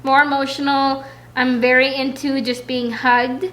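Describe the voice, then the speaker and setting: A woman's voice: sits high, little pitch movement, a little slow, a bit bright. A pregnant woman chatting casually at home, answering viewer questions in a rambling way full of "like"s. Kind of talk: casual Q&A chat.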